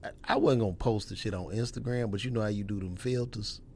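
A young man, hosting a casual podcast chat and telling stories in an animated, profane way. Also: quick pace, slight background noise. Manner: animated storyteller, acts out voices with loud jumps in pitch, profane.

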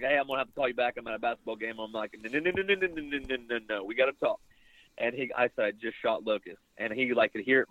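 A man's voice: medium pitch, no echo. Man telling a hunting story down a thin phone line. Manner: rambling, animated retelling with quoted dialogue. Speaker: bowhunter guest. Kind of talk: casual storytelling interview.

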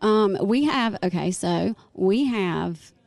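A woman's voice: medium pitch, expressive, slow pace, creaky, darkish tone, no room sound. A woman from North Carolina with a Southern accent, chatting casually as a podcast guest in a laid-back, drawling way. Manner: laid-back, drawling, uses y'all and ain't. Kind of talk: casual chat. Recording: remote call audio.

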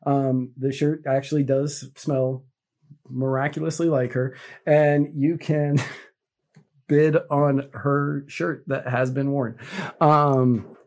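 A man's voice: medium pitch, level tone, slow pace, a little mellow. A man co-hosting a casual live auction, easygoing, echoing his partner and laughing often. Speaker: co-host. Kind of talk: casual livestream auction chat.

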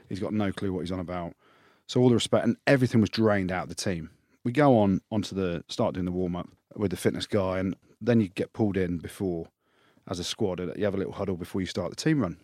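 Fast-talking, swearing male rugby storyteller. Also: fairly low pitch, dry recording, clean studio sound. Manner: swears freely, tells stories fast and animated. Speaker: podcast co-host, former rugby player. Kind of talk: casual chat, storytelling.

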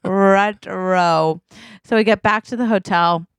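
A woman co-hosting a comedy podcast, telling an improvised story and acting out the quoted dialogue in quick turns. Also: medium pitch, a bit bright, dry recording, studio quality. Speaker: podcast co-host.

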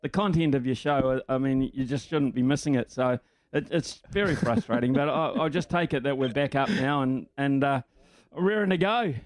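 A man's voice: mid-range voice, moderate pace, no echo. A man, a radio sports host talking casually with many hesitant fillers. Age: 60s.

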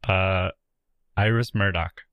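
A man's voice: deep voice, steady tone, slow pace, clear, resonant tone, no echo, muffled recording. A man co-hosting a podcast, talking thoughtfully about books with fillers and reading endings aloud. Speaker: podcast co-host. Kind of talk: casual literary chat with read-aloud passages.

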